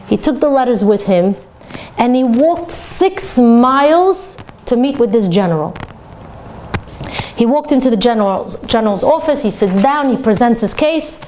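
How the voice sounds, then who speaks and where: A woman's voice: fairly high pitch, a little hiss or hum. A woman teaching a Torah class, telling a story and acting out its characters. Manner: animated storyteller, voicing characters.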